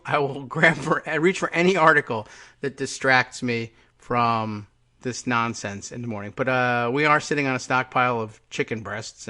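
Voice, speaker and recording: A man's voice: mid-range voice, bright, forceful tone. A man hosting a live political talk radio show, musing sarcastically in a rambling, hesitant way. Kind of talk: casual political talk monologue.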